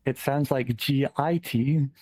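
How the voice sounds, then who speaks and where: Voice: medium pitch, fairly even intonation, takes it slowly, mellow, slightly rough, no echo. A guest on a stream chatting casually and easygoing with the host. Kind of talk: casual chat.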